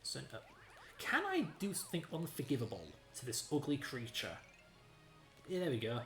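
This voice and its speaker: A woman's voice: extremely low pitch, very animated, normal speed, roomy sound, soft background music. A young woman streaming a retro game, talking bluntly and sarcastically, with plenty of swearing. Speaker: streamer playing retro games. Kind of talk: casual let's-play commentary.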